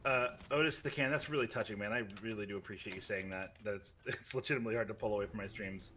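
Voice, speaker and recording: A man's voice: on the low side, fast talker, sharp tone. An American man streaming a game, bantering sarcastically with plenty of swearing and thanking chat. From United States. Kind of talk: casual gaming chat.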